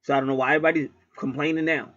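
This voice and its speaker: A man's voice: a little high, little pitch movement, racing, a bit bright, dry recording, muffled recording. A man at home telling a rambling story in a casual monologue, swearing freely and repeating himself. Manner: profane, rambling, repetitive. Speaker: channel host.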